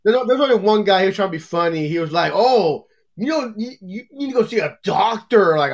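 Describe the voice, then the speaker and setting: A man's voice: high voice, lively intonation, brisk. A man chatting casually, joking and laughing through stories about coworkers and family. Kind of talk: casual chat.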